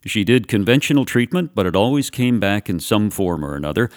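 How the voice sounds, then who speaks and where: Deep-voiced male podcast host. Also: very animated, no room sound, studio quality. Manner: measured, slows for emphasis. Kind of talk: radio podcast hosting.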